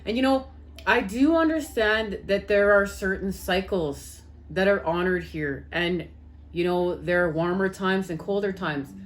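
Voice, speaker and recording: A woman's voice: mid-range voice, a little slow, a little hiss or hum. A woman with a Canadian accent gives a casual spiritual talk to her viewers, earnest and repetitive, often calling them guys. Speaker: spiritual tarot reader.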